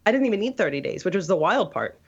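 A woman's voice: mid-range voice, sing-song, quick pace, breathy edge. Rambling woman on dull lo-fi audio. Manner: rambling, with many restarts and fillers. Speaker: guest telling her conversion story. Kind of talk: casual interview talk.

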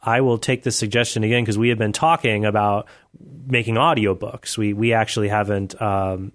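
A man's voice: fairly low pitch, fairly even intonation. Man hosting a call-in radio show. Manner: friendly, quick-thinking, restarts phrases. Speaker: radio host.

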